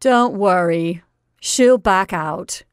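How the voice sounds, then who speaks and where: A woman's voice: mid-range voice, big pitch swings, a little slow, vocal fry, dry recording, studio quality, exaggerated voice. A woman reading a story aloud and voicing a haughty, contemptuous young woman with a cool, mocking drawl.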